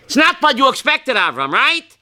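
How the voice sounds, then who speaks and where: A man leading a Torah class, his high voice leaping up and down as he quizzes listeners by name. He has a bright, forceful edge and pushes hard when he wants a point to land. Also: huge pitch swings, normal speed. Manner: calls on listeners by name, asks questions, bursts loud. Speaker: rabbi teaching a class.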